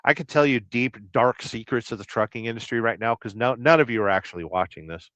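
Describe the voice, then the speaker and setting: A man from Southern California hosting a casual trucking livestream. He reads viewer comments aloud and rambles through deadpan, absurd jokes. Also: medium pitch, fairly quick, dry recording. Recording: dry, slightly dull lo-fi sound.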